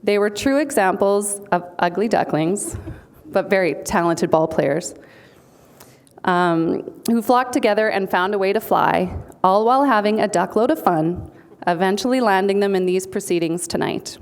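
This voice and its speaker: A woman's voice: mid-range voice, moderate pace. A woman giving a humorous prepared speech on behalf of a team being honored, with a playful punning delivery. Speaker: speaker accepting an award for a team. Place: banquet hall.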